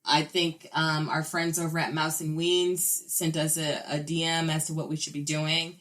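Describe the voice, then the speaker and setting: A young adult woman co-hosting a podcast, telling stories in animated, profane casual chat. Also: low-pitched, normal speed. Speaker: podcast co-host.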